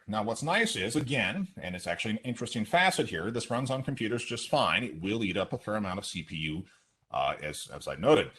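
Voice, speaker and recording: A man, an instructor, giving a brisk, explanatory online webinar walkthrough of a teaching simulation with asides, speaking from his desk into a computer mic on a video call. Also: lowish voice, sing-song, a bit bright, slight background noise.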